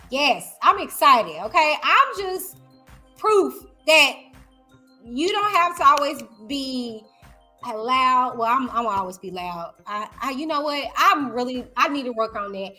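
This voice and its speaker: Loud, high-pitched woman vlogger. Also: animated, unhurried, faint music behind. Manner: loud, high-energy delivery; chatty, addresses viewers directly. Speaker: YouTuber host. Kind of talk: casual commentary vlog.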